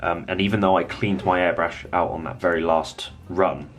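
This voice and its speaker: A man giving a relaxed, rambling hobby painting tutorial, thinking aloud as he works. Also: low voice, normal speed.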